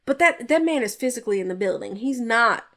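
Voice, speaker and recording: Chatty woman recapping a film, higher voice. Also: fairly quick. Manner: chatty, animated recap with frequent laughs and playful jabs. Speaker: podcast host reviewing a film. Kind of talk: casual chat.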